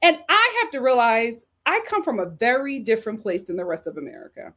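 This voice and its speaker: A woman from Philadelphia hosting a live stream, reading chat comments aloud and reacting in an animated, heated way, often breaking into laughter. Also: fairly high pitch, brisk.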